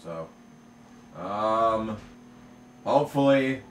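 A male gamer talks through his race in a mid-range voice, grumbling and cursing, and flares up into shouting at rivals. He sits back from the mic in a roomy, echoing space, with faint ambience behind him. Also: lowish voice, normal speed, far from the mic, slight background noise. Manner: profane, ranting, bursts into shouts at the game. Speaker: gamer commentating his own play. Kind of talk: let's play commentary.

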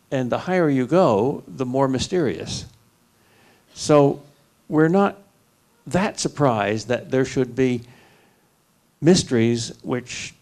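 A man's voice: mid-range voice, darkish tone. An older American man, a philosophy professor, explaining his ideas in steps at a public university forum, with a dry joke now and then. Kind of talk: lecturing answer at a public forum. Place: university lecture hall.

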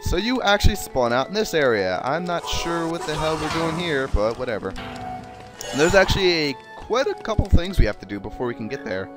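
A man's voice: on the high side, sing-song, moderate pace, over music. A man with a South Jersey accent, giving chatty, sarcastic commentary while playing a video game. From South Jersey, USA. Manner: chatty, sarcastic, swears casually. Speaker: let's play gamer. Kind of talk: casual gameplay commentary.

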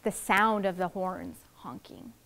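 A woman teacher reading a story aloud to second graders and explaining its writing in an expressive, friendly way. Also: medium pitch, unhurried, vocal fry. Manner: expressive, explaining to young children.

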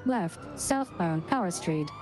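A woman voicing a deadpan female robot sheriff deputy in a game role-play, reading calls in a clipped dispatch monotone. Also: lowish voice, slow pace. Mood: robotic.

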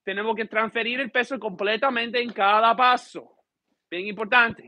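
A man's voice: sits high, steady tone, fairly quick, pushed and bright, no room sound. A man teaching a live dance class, counting steps aloud and switching between English and Spanish while joking with students. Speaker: dance instructor. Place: dance studio.

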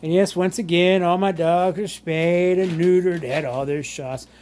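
A man's voice: sits high, fairly even intonation, a little slow, darkish tone, a little hiss or hum. A man filming his dogs at home, talking to them in a doting, drawling way and laughing often. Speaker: vlogger showing his dogs. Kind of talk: casual home vlog, talking to pets. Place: home living room.

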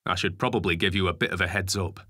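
A man voicing a calm, reassuring convoy driver who speaks in a steady, matter-of-fact way. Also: low-pitched, fast talker, no room sound, clean studio sound.

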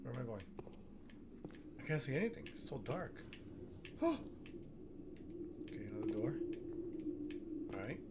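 Male gaming streamer, jittery and gasping, very lively pitch, audible background noise. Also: brisk, pauses often. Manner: jumpy, gasping, nervous and excitable. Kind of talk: horror game commentary.

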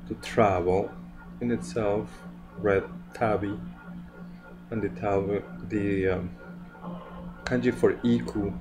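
A man giving a language lesson, slow and explanatory, with frequent fillers. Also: on the low side. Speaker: language teacher.

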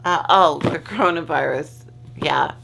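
A woman hosts a casual chat from her bed at home, drifting from one thought to the next and swearing freely. Her voice sits a little low, with a gravelly fry and a bright, forward edge. She talks at an unhurried, drawn-out pace. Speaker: vlogger host.

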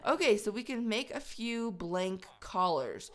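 A woman's voice: mid-range voice, expressive, measured pace. Chatty gamer lady talking to her pets while she plays, voice bouncing all over. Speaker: let's play host. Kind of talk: video game commentary.

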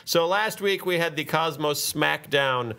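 A man hosting a podcast, chatting casually and trading quick jokes with his co-hosts. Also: fairly high pitch, pushed and bright. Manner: joking, quick banter. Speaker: podcast host. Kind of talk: casual comedic chat.

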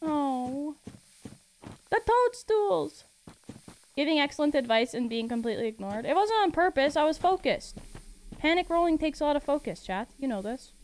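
A woman's voice: high voice, animated, brisk, darkish tone. A woman streaming a video game, chatting casually with her chat and laughing often. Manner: giggly and chatty, answering chat. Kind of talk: casual live-stream gameplay commentary.

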